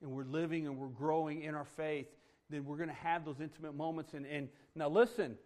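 A man preaching a sermon in a conversational way, checking in with "right?" and swinging between loud emphatic points and hushed, soft passages. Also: on the high side, steady tone, brisk. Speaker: pastor.

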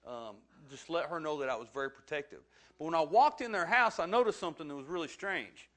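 A man's voice: fairly high pitch, lively intonation, fast, a bit bright. A man, preaching a sermon and telling a funny personal story with self-deprecating humor. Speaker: pastor.

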